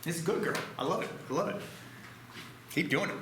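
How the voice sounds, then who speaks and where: His voice is on the high side and expressive, and he talks fairly quickly. Teaching math in an echoey classroom with background noise, he works through problems with students, joking and teasing himself along the way.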